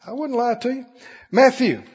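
A man preaching a sermon in a large church. He works the crowd with call-and-response, swinging from loud, high cries down to low murmurs. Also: normal speed, slightly rough. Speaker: pastor. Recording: muffled recording with long hall reverb.

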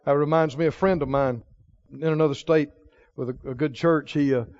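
High-voiced man preaching, dull lo-fi recording. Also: steady tone, moderate pace, no echo. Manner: chuckles often, swings from hushed storytelling to loud proclaiming. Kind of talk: sermon.

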